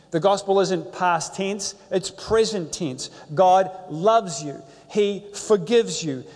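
A man's voice: sits high, a little mellow. A man preaching a sermon in church, emphatic and storytelling, often repeating his key phrases. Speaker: pastor. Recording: long hall reverb.

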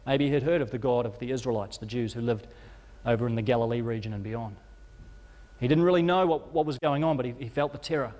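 A man's voice: mid-range voice, quick pace, a little mellow, in a large hall. A male preacher telling a story as a sermon, vivid and dramatic, rising and falling in intensity with occasional stumbles. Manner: vivid retelling that rises and falls in intensity, with stumbles.

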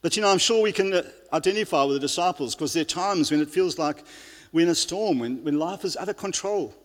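A man's voice: on the high side, quick pace. A male pastor giving an earnest sermon, often restarting his sentences and using fillers. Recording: long reverb of a large hall.

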